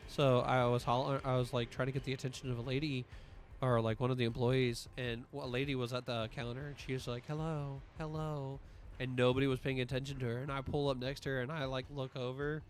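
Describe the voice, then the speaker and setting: A man's voice: medium pitch, flat delivery, fast talker, slight background noise. A man streaming, telling rambling, profane stories in casual chat, his voice a little strained from allergies.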